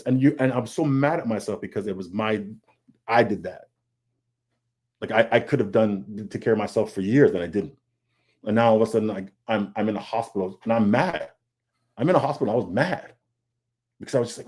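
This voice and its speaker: A man's voice: medium pitch, fairly quick, darkish tone. A man, a comic book artist, speaking in a casual, candid panel talk over a video call. He is earnest, restarts often, repeats words and acts out his own thoughts. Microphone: video call mic.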